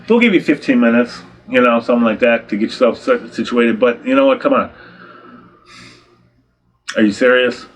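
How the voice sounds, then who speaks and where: A man's voice: medium pitch, normal speed, pauses often. A man, a photographer, talking straight to his audience and giving blunt, exasperated advice full of rhetorical questions and repeated "okay?". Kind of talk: direct-to-camera advice talk.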